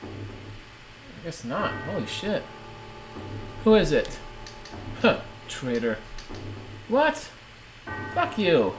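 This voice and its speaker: Swearing excitable gamer guy. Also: fairly high pitch, very slow, pauses often, noisy background. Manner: profane, excitable, talks to viewers and his cat. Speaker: let's play host. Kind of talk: casual gameplay commentary. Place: at home, playing a game. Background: game music.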